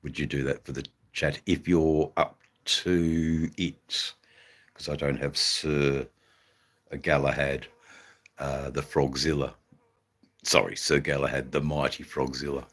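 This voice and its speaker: A Western Australian man hosting a casual motorcycle live stream, rambling and halting with many fillers. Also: very deep voice, level tone, a bit bright. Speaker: motorcycle channel host. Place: indoors in front of a flag backdrop. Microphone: phone.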